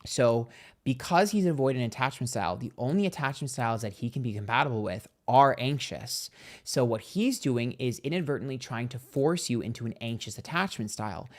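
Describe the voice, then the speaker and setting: Here a man speaks briskly at medium pitch with lively intonation. He's the host of a psychic tarot livestream, chatting through a gossipy story, impersonating what people said and thanking viewers out loud for donations.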